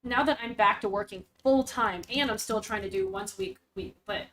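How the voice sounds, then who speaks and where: A woman hosting a casual stream, reacting to a story with rambling, animated chat and the odd swear. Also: medium pitch, brisk, slight background noise, low-quality recording. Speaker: stream host reacting to a web serial.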